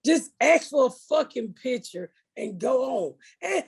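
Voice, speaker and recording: A woman's voice: high-pitched, big pitch swings, moderate pace, gravelly, few pauses, husky. A woman comedian hosting a podcast, telling stories in a blunt, profane way. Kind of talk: casual chat.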